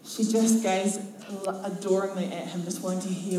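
A woman preaching a sermon in a church, telling Bible stories with lively, expressive delivery and acting out the lines. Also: medium pitch, normal speed, slight background noise. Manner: expressive storytelling, acts out quotes. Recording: very echoey church from a distance.

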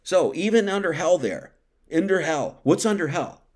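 A man's voice: on the high side, lively intonation, normal speed. A man giving an informal sermon, talking casually, reading scripture and acting out quotes, with many restarts. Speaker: preacher.

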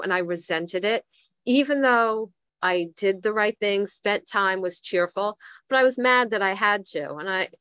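A woman's voice: mid-range voice, fairly bright tone, dry recording. A middle-aged woman giving a candid, reflective recovery talk, thinking aloud and poking fun at herself. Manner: candid, self-deprecating, thinks aloud with fillers. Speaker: twelve-step recovery speaker.

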